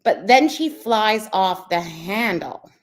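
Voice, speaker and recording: A woman's voice: medium pitch, lively intonation, slow pace. A woman hosting casual reaction commentary, chatty and explaining, with many fillers. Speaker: commentary host.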